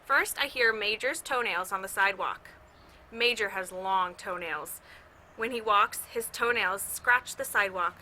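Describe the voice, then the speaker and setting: A woman's voice: medium pitch, a little slow, sharp tone, a little hiss or hum, poor audio. Cheerful woman reading aloud outdoors. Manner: cheerful, addresses children, imitates sounds. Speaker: music teacher reading to children. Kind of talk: read-aloud storytime with sound effects. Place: outdoors with her dog.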